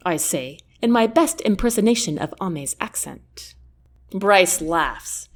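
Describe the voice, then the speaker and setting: This audiobook narrator is a woman with a lowish voice, speaking at a normal rate. She performs the first-person novel expressively, letting the characters shape her delivery.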